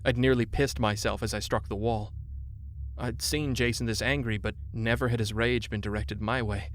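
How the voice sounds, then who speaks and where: A man narrating a horror story in a measured way, slowing down on grim details. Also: medium pitch, fairly even intonation, a little hiss or hum.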